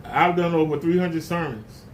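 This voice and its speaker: A man's voice: on the high side, moderate pace, a little hiss or hum. Blunt, emphatic man preaching. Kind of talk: casual spoken sermon.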